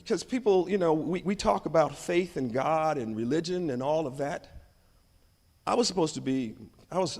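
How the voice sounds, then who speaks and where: Delivering a motivational keynote at a conference, a man tells stories with dramatic shifts in loudness. His voice is high for a man, and a large hall gives the sound a long reverb.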